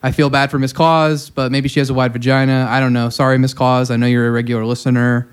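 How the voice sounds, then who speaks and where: Male podcast co-host, crude riffing comedian, clean smooth tone. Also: mid-range voice, flat delivery, fast. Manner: raunchy, jokey riffing.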